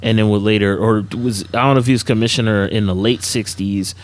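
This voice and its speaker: A man co-hosting a podcast in casual chat, relaxed and slangy with many fillers. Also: on the low side, fast talker. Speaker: podcast co-host.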